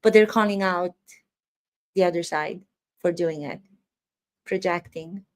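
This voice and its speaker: A woman's voice: lowish voice, a little slow. Emphatic woman acting coach. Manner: emphatic, rhetorical questions. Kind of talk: commentary on trial footage.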